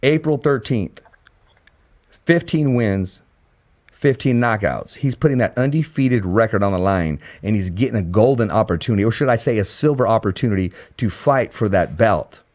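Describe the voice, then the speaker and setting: A man hosting a casual boxing podcast interview, energetic and quick to repeat his words. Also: fairly low pitch. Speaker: podcast host.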